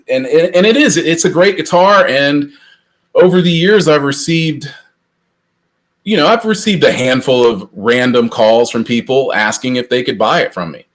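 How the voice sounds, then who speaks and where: A middle-aged man co-hosting a podcast, telling long rambling anecdotes with lively restarts. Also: mid-range voice. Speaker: podcast co-host. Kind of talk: casual storytelling chat.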